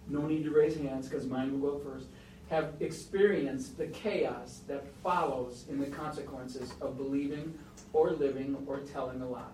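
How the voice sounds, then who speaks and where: A man preaching a sermon, telling a story with emphatic rises and soft, hushed moments. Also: fairly high pitch, a little hiss or hum. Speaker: pastor. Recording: roomy echo, mic at a distance.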